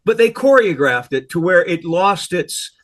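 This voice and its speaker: A man co-hosting a podcast, his voice fairly high and full of swooping pitch. He chats casually and tells stories with eager enthusiasm. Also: lively intonation, normal speed, fairly bright tone. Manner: enthusiastic, admiring storyteller. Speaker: co-host, former cast member. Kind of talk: casual chat.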